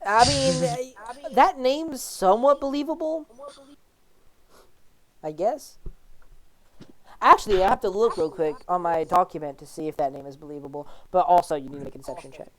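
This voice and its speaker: A woman's voice: mid-range voice, lively intonation, moderate pace, pauses often. A woman narrating as game master in a casual, filler-heavy way.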